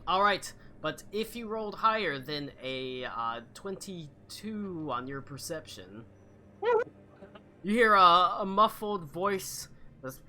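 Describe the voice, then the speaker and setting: A man narrating a tabletop game as game master, slow and halting with many fillers. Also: sits high, lively intonation, pushed and bright, slight background noise.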